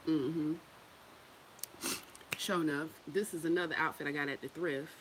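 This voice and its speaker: A woman's voice: low voice, fairly even intonation, normal speed, a little hiss or hum, low-quality recording. A woman giving a casual spiritual talk to her viewers. She is loose and profane, laughs often and repeats phrases for emphasis. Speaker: spiritual teacher.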